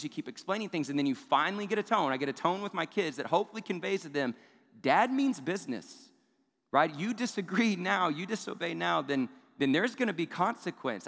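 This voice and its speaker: A male pastor delivering a sermon in a relaxed, conversational tone that keeps checking in with "right?". His voice sits at a middle pitch. A long hall reverb hangs behind him. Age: adult parent of young children. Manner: conversational preaching with rhetorical "right?" asides.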